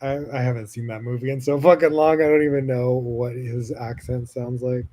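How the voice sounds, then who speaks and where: Male podcast host, casual rambling monologue, chatty and gushing with lots of fillers and profanity, medium pitch. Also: fairly even intonation, normal speed. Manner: frequent laughter, swings loud and soft. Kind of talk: casual personal storytelling monologue.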